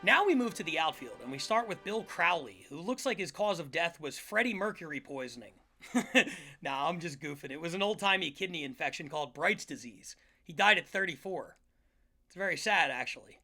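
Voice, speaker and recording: A man's voice: a little high, animated, brisk, bright, forceful tone, faint music behind. A man from the Philadelphia area hosting a scripted comedic history show, full of sarcastic, jokey asides. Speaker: podcast host.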